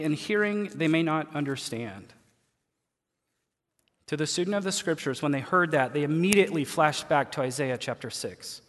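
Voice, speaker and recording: A man preaching a sermon as pastor, folksy and colloquial, moving between quiet asides and loud emphatic lines. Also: on the high side, expressive, normal speed. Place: church sanctuary. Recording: long hall reverb.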